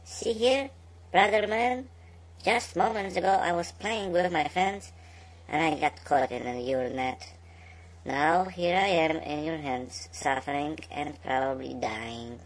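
A man voicing a frightened little talking fish that begs to be thrown back into the water, in a raised, breathless voice. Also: takes it slowly. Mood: pleading. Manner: high, pleading, breathless.

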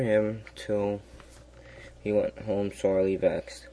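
Deep mellow guy slowly reading a fairy tale, kinda flat, trips over a word now and then. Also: slight background noise. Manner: slow, even reading with small slips and restarts. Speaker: storyteller. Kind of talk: fairy tale read aloud.

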